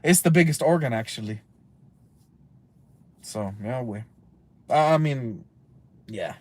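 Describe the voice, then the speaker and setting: A man's voice: medium pitch, expressive, takes it slowly, darkish tone. A man of about thirty, ranting casually on a live stream from inside a car, heated and profane, rambling and mixing in Spanish slang. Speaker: livestream host.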